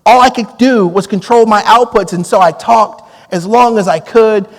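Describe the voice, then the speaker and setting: A man preaching a storytelling sermon, drawing on his time as a police negotiator and acting out the dialogue with lively energy. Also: sits high, moderate pace, long reverb tail. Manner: animated, acts out quoted dialogue with laughs.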